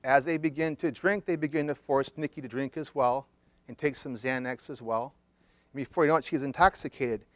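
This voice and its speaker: A man's voice: mid-range voice, steady tone, fairly quick, no echo. A man, a therapist, presenting a case study to an audience in a conversational storytelling way, checking in with listeners as he goes.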